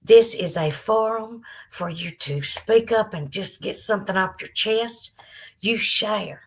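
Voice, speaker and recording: A woman's voice: mid-range voice, slow pace. Emotional Southern woman telling her story. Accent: Southern American. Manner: candid, emotional, fighting back tears; rambling with frequent fillers. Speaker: podcast host. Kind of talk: live-stream storytelling, reading viewer comments.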